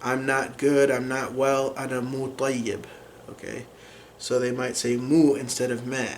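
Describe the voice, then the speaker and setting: Slow, patient man teaching language. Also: medium pitch, slight background noise. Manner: unhurried, many fillers and restarts while explaining. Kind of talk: explanatory language lesson.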